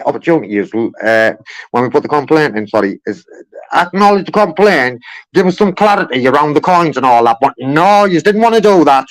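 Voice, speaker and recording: A man's voice: medium pitch, dry recording. A man on a phone call pressing a customer service agent over his complaint, repeating himself insistently and peppering his speech with "man" and "mate". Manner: insistent, repetitive, keeps saying "man" and "mate". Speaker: caller making a complaint.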